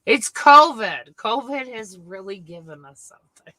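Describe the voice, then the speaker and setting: Slow, profane woman co-host. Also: fairly high pitch, lively intonation, pushed and bright, dry recording. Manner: blunt, profane, slow drawl. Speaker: podcast co-host. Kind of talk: casual livestream chat.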